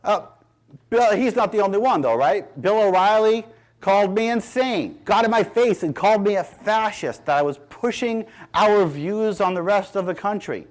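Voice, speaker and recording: Emphatic high-voiced man giving a speech. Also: expressive, normal speed. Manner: emphatic, sarcastic lecturing. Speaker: speaker. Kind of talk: public speech.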